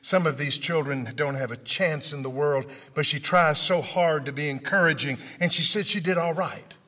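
In a large hall where long reverb trails each line, a Memphis, Tennessee motivational speaker tells stories to a crowd at a moderate pace. His bright voice sits a touch high for a man, and he dramatically acts out characters, falling to a hush then climbing loud again.

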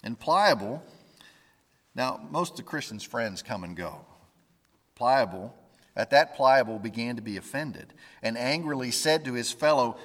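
A man giving a conversational Bible lesson, informal and halting, often stopping to restart his sentences. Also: medium pitch, animated, long reverb tail. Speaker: Bible teacher.

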